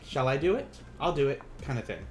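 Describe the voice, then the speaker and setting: Animated, chatty man teaching a live lesson. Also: mid-range voice, slight background noise. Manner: chatty, self-correcting, quick to laugh. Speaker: Japanese teacher. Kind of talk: live-streamed beginner language lesson.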